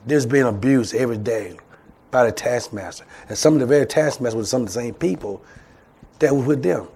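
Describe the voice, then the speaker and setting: A man's voice: medium pitch, mellow, slightly rough. A man preaching a sermon as pastor, calling out to the congregation and acting out voices. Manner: call-and-response preaching, acts out voices. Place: church.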